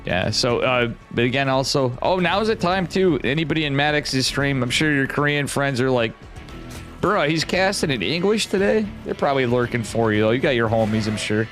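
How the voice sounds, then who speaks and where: Male caster, casual banter, rambling and jokey, mid pitch, faint music behind. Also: fairly quick, few pauses, fairly bright tone. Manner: rambling, jokey, swears freely. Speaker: esports caster.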